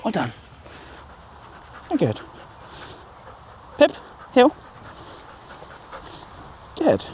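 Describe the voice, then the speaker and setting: A man's voice: very high-pitched, wildly swooping pitch, drawn-out words, darkish tone, a little hiss or hum. A man working as a dog trainer, coaching an owner outdoors on a group walk. He is upbeat and encouraging, with sing-song praise for the dog.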